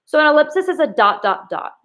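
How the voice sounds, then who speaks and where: A woman teaching a recorded reading lesson to children, asking slow, emphatic questions and acting out the quoted lines. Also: high voice, big pitch swings, a bit bright.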